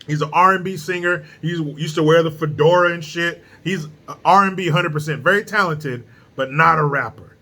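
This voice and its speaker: Blunt, profane male commentator with a forceful voice. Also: a little high, moderate pace. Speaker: political commentary host. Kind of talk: casual opinion commentary.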